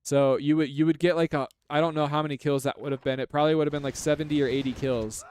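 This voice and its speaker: Chatty male game commentator, higher voice. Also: fairly even intonation, quick pace, darkish tone, slight background noise. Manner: chatty and analytical, heavy use of "like". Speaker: live stream game commentator. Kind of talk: casual live game commentary.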